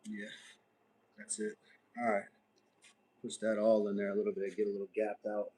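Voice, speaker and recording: A man's voice: on the low side, level tone, moderate pace, warm tone, slight background noise, poor audio. A man hosting a casual livestream outdoors, chatting easily and joking while he stitches leather. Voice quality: ginger, sweaty from working outdoors. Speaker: livestream host. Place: outdoors, warm day.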